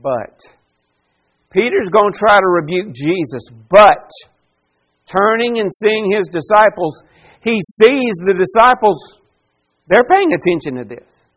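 A male pastor preaching an expository sermon, emphatic and given to repetition, swinging between hushed and loud. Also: high voice, animated, unhurried, long pauses, low-quality recording.

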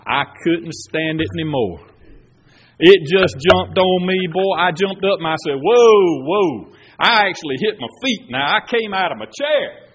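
A man's voice: high-pitched, animated, moderate pace, fairly bright tone, slight background noise, low-quality recording. A man preaching a sermon in a folksy storytelling way that gets worked up.

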